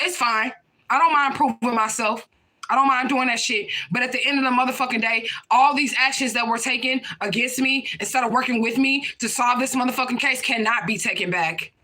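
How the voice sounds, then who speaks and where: A woman's voice: fairly high pitch, pushed and bright. Blunt, profane woman card reader. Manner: blunt, profane, repeats "okay?" and "period, point blank". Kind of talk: casual live-stream talk.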